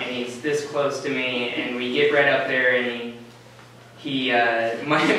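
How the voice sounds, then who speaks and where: A man's voice: medium pitch, pushed and bright, slight background noise. A man in his twenties telling a story at a live story slam, rambling casually with lots of "like" and "uh" and laughing at his own tale. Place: small event venue, on stage. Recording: very echoey room from a distance, faint ambience.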